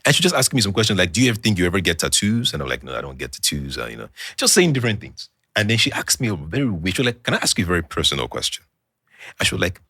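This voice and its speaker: A young Nigerian man, deep-voiced and talking very fast with a Nigerian English accent, is a podcast guest sharing a personal story over casual chat. He is an animated storyteller who acts out the quoted dialogue, recorded in clean studio quality with no echo.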